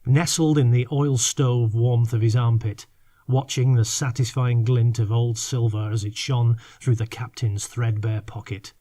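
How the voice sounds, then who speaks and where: A man narrating a fiction audiobook in measured, unhurried reading. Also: medium pitch, fairly even intonation, mellow. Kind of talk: scripted narration.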